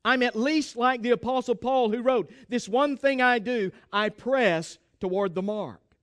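A man voicing a stubborn, resolute male Union colonel in a preached story, with a high, smooth voice. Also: unhurried, a bit bright, dry recording, studio quality. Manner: grim, resolute.

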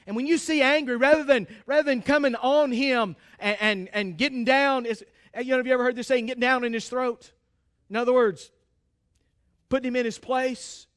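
A man preaching from the pulpit in an unusually high voice for a man. He talks with insistent emphasis, stumbling over and repeating words as he presses each point, and he speaks straight to the congregation. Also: fairly even intonation, normal speed, a bit bright, smooth. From United States. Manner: emphatic, repeats and restarts phrases, addresses the congregation directly. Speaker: pastor. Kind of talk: sermon.

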